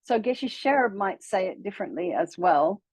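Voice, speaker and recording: A woman from Australia with an Australian accent, a Buddhist nun teaching a class in a relaxed, chatty way, laughing easily and sounding out mantras slowly. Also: medium pitch, breathy edge, dry recording, rough recording.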